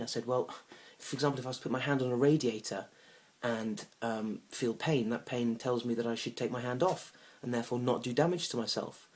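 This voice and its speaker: A young man telling a comic story about a bad date, awkward and rambling, now and then bursting into loud indignant rants. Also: medium pitch, fast talker, creaky, hardly any pauses. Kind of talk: deadpan comic monologue.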